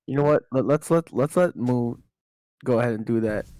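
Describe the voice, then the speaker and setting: A man's voice: medium pitch, normal speed, mellow, poor audio. A man playing a tabletop game, talking in an easygoing way with stumbling restarts. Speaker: player.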